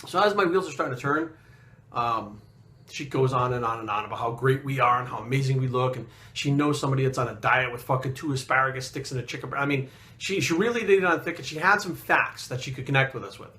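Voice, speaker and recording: A man's voice: mid-range voice, fast talker, sharp tone. A man telling a story in casual talk, blunt and profane, getting heated as he goes. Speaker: fitness coach and bodybuilder.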